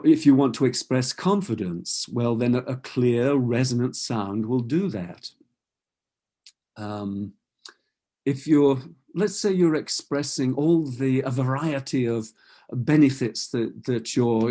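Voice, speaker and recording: Mellow-voiced man coaching on speaking. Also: medium pitch, slow, long pauses. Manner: explanatory, with demonstrated example phrases and frequent restarts. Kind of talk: webinar talk.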